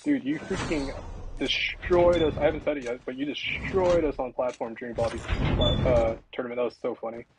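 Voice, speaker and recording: A man's voice: mid-range voice, little pitch movement, normal speed. Laid-back male streamer with hiss. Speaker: game streamer. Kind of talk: live-stream commentary.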